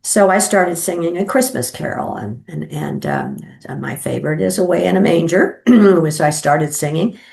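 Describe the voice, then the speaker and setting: A middle-aged woman recounting her near-death experience as an interview guest, halting and full of restarts, acting out her own thoughts. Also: on the low side, very animated, creaky, a little mellow. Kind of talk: personal storytelling.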